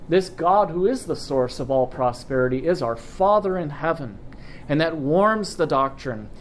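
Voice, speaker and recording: A man delivering a sermon, his slightly raised voice measured and emphatic as he slows to stress key phrases. A faint hiss sits under the recording. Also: on the high side, animated. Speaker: preacher.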